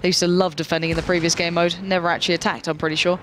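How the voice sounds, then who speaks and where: A man doing play-by-play commentary on an esports match, lively and quick to joke with his co-hosts. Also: fairly high pitch, a little hiss or hum. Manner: lively, jokey banter. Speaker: esports caster.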